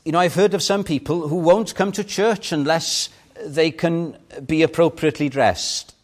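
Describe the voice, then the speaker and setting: An older man preaching a sermon with impassioned swings, rising loud on key points and dropping to a hush. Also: fairly high pitch, normal speed.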